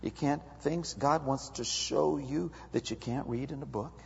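Husky preacher in an echoing hall. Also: male voice, mid-range voice, unhurried. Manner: animated, swings from loud to hushed. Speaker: pastor. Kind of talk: sermon. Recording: dull lo-fi recording with long hall reverb.

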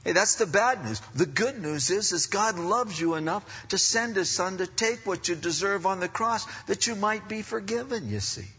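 Animated preacher man in a reverberant hall. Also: high voice, normal speed, few pauses, slightly rough. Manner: animated, swings from loud emphasis to soft asides. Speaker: pastor. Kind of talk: sermon. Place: church hall. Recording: dull sound, long hall reverb.

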